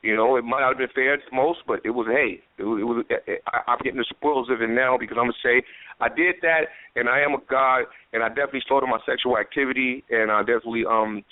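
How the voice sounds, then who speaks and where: A man's voice: mid-range voice, steady tone, fast. A man being interviewed as a comedian guest, rambling and boastful with stammering restarts. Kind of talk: casual phone-in interview. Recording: tinny phone line on radio.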